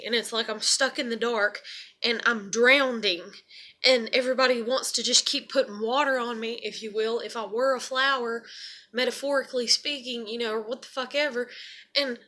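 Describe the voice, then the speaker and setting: A woman's voice: a little high, bright, forceful tone. A young woman and single mother venting in a rambling, profane personal monologue.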